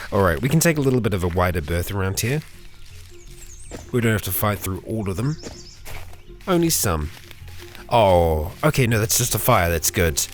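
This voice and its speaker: A man's voice: on the low side, big pitch swings, moderate pace, long pauses, soft background music. A young man hosting a let's play, chatting casually through the game and talking to the characters on screen. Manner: chatty, talks to game characters, bursts into mock fury and laughter.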